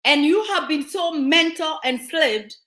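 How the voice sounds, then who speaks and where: A high-pitched, animated voice, pushed and bright and a little slow, comes from a Kenyan show host with a Kenyan accent. She lectures viewers in a fervent, scolding monologue laced with rhetorical questions, in an echoey room.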